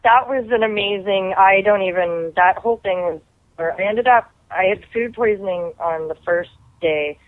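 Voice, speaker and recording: Actress in her thirties calling in as a guest, animated and chatty, sounds like a thin phone call. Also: mid-range voice, moderate pace. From Canada. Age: 30s. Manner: chatty, animated, lots of "like" fillers. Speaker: guest actor. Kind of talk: casual storytelling. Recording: tinny phone line.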